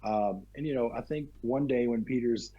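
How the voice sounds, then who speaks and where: Southern American male actor, husky, easygoing, dull video-call audio. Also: mid-range voice, moderate pace. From Kentucky, United States. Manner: easygoing, repeats words as he talks. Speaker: actor, interview guest. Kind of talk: casual interview chat.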